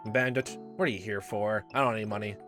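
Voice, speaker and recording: A blunt, rude young village boy, as a gamer puts him on in a lowered voice snaps short, mocking replies. The lines are gruff and curt. Faint game music plays under them. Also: fairly even intonation, fairly quick, fairly bright tone, close to an everyday voice. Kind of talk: voiced visual novel reading.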